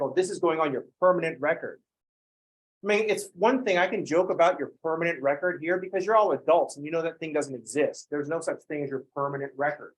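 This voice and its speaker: A man giving a math lecture, joking with sarcastic asides and acting out students in quick voices. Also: on the high side, poor audio. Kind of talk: recorded classroom lecture.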